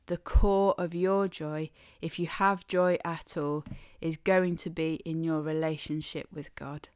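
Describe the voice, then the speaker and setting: A woman delivers a devotional teaching at an unhurried pace, her voice smooth and resonant. She speaks in a measured, emphatic way and often turns to the listener with questions. The recording is close and dry. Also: lowish voice, steady tone, darkish tone, no room sound. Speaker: Christian speaker.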